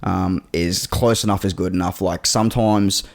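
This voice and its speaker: A man's voice: low voice, steady tone, normal speed, creaky. A man co-hosting a casual podcast, rambling with fillers and swearing. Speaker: podcast co-host. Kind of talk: casual chat.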